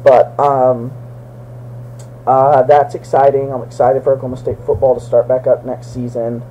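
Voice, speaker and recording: A young man talking casually to the camera in a goofy, joking way, breaking into loud outbursts. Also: medium pitch, flat delivery, normal speed, muffled recording, slight background noise. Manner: goofy, jokey, with sudden loud shouted bits. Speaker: vlogger. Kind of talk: casual video blog to his brother.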